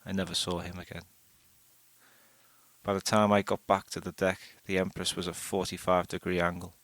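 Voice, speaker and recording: A man reading a first-person short story aloud in a steady, unhurried way. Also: low voice, no room sound. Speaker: audiobook narrator.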